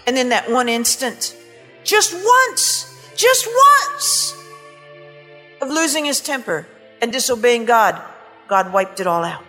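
A woman's voice: a little high, moderate pace, fairly bright tone. A woman preaching a sermon, impassioned and emphatic, with scornful asides and Scripture read aloud. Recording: long hall reverb, faint music.

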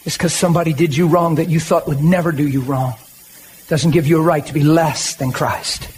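High-voiced man preaching a plain-talking sermon. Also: fairly even intonation, brisk, a little mellow, a little hiss or hum. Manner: conversational, emphatic preaching with rallying asides.

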